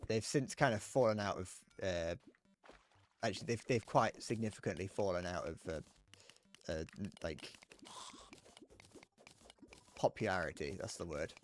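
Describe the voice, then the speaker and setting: Rambling British streamer, crude and chatty. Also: male voice, low-pitched, normal speed, long pauses, a little hiss or hum. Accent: British English. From Britain. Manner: rambling and crude, answering chat with frequent restarts. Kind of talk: casual gaming live-stream chat.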